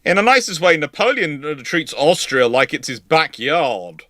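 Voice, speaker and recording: A man's voice: fairly high pitch, sing-song, normal speed, sharp tone. Man answering history questions live. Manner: explanatory, rambling with restarts. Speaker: host. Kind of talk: live viewer Q&A.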